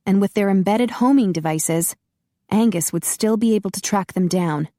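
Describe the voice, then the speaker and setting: A woman narrating a paranormal romance audiobook in a steady, even storytelling manner. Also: mid-range voice, moderate pace, no echo, clean studio sound. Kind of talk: scripted narration.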